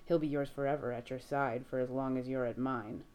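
A woman's voice: fairly even intonation, a little mellow. A woman voicing a lazy drawling male demon. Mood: taunting. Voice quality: deep rumbling drawl. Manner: slow, unhurried, mocking.

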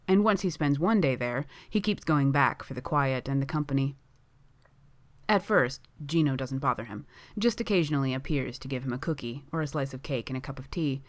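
A woman reading a story aloud in a calm, even storytelling manner. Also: sits low, no room sound. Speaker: reader.

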